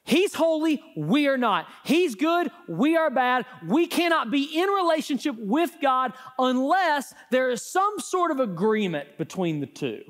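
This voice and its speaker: Lively high-voiced preacher. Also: male voice, unhurried, few pauses. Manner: animated, rising and falling emphasis. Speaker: pastor. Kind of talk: sermon.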